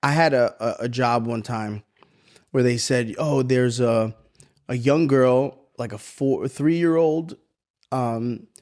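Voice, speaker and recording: A man's voice: mid-range voice, slow, a little mellow. A man in his thirties co-hosting a podcast, telling a story in casual chat, acting out voices and swearing freely. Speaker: podcast co-host.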